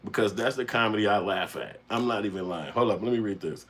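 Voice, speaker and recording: Laughing husky-voiced man reading chat aloud. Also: lowish voice, fast talker. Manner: loud laughing, reads comments aloud, slangy. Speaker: livestream host reading chat. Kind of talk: casual livestream chat.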